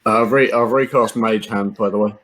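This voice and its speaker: A man's voice: fairly low pitch, steady tone, fairly quick, a bit bright, rough recording. A man playing a tabletop game, chatting casually with wry, dry jokes. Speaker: player.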